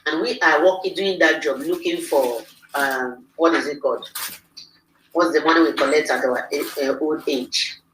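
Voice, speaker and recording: Woman, livestream host, excitable, lowish bright voice, roomy echo, distant mic. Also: moderate pace, a little hiss or hum. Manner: excitable, rallying the audience. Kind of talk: livestream interview. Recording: echoey room, mic far off.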